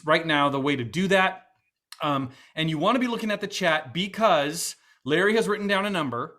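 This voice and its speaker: A man's voice: fairly high pitch, fairly bright tone. A man with a Boston accent hosting a virtual fundraiser, chatty and upbeat with many fillers. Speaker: event host.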